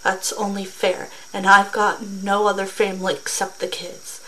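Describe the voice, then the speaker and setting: A woman's voice: mid-range voice, little pitch movement, normal speed, sharp tone, slight background noise, close to an everyday voice, rough recording. A woman reading a resigned village husband. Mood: regretful. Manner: regretful, plain.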